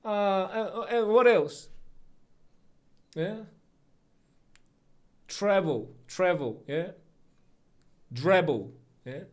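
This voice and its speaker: A man live streaming, slowly joking over clips and repeating words. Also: sits high. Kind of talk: reaction stream commentary.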